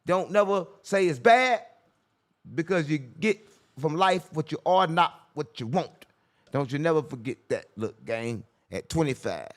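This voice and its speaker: A man's voice: fairly high pitch, lively intonation, a little slow. A man hosting a casual podcast, brash and profane, preaching life advice in a loose, rambling way. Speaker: podcast host.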